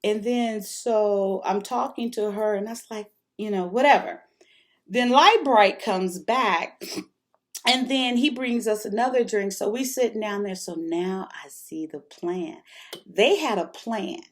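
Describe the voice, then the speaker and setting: A woman's voice: medium pitch, unhurried. A middle-aged woman tells a personal story in loose, casual vlog talk. She is frank and candid, laughs often and swears without a second thought. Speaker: vlogger.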